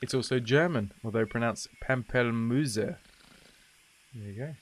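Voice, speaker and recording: A man's voice: mid-range voice, normal speed, a little hiss or hum. A man streaming a game, chatting casually and rambling with jokes as he plays. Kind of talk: casual gameplay commentary.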